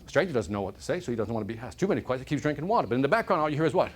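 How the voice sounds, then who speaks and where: A man's voice: medium pitch, racing, slightly rough. A man giving a motivational keynote to a live audience, telling stories and often asking the room questions. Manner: animated storyteller, asks the audience questions. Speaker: motivational speaker. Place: corporate event hall.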